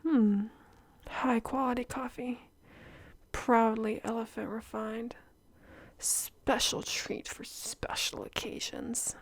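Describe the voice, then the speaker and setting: Soft-spoken young woman doing ASMR. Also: on the high side, steady tone, slow pace, dry recording. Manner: soft-spoken, often slips into whispers, giggly. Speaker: ASMR creator.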